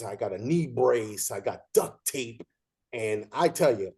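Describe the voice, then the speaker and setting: A man hosting a casual chat, an umpire telling lively stories and acting out what others said. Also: mid-range voice. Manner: animated storyteller who acts out quoted voices. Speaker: podcast host.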